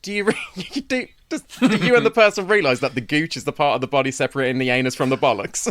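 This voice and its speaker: A man co-hosting a podcast, chatting casually, teasing and quick to laugh. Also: fairly high pitch, lively intonation, a bit bright. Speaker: podcast co-host. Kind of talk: casual chat.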